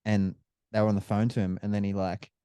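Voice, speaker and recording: A man's voice: lowish voice, level tone, fast talker, mellow, smooth, dry recording, clean studio sound. A man co-hosting a podcast in casual chat, telling rambling stories and swearing freely.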